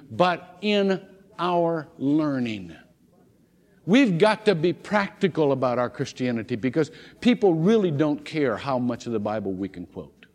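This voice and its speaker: A man preaching a sermon, telling a story with lots of restarts and repeated words. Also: fairly high pitch. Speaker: pastor. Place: church sanctuary. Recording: long church hall reverb.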